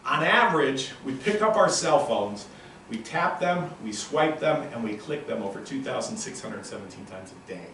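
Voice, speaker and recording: A man in his sixties giving a live motivational lecture to an audience in a room, telling stories in an animated, punchy and emphatic way. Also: medium pitch, moderate pace, slight background noise. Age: 60s. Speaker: motivational speaker. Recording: very echoey room, voice from a distant mic.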